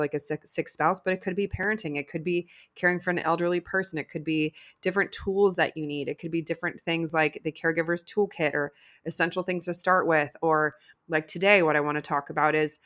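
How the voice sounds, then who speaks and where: A middle-aged woman hosts a solo podcast in a casual, candid way, dropping the odd swear word. She talks with heartfelt emotion. Her voice sits on the low side for a woman. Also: fairly bright tone. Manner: candid, swears freely, gets choked up and emotional. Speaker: podcast host.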